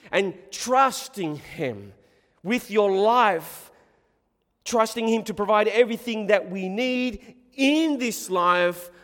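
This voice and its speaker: A man preaching a sermon in short, deliberate phrases with long pauses. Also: high voice, a bit bright, big-room sound.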